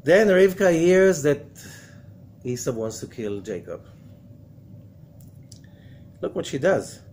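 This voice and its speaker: Animated man teaching scripture. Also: fairly high pitch, slow. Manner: dramatic retelling with rhetorical questions, frequent "okay?". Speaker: rabbi teaching a weekly study class.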